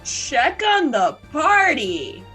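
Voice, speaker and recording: A woman's voice: sits high, huge pitch swings, very slow, pushed and bright, soft background music. A woman playing a tabletop role-playing game over a voice call, playful and checking rules aloud. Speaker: player. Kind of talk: casual tabletop play.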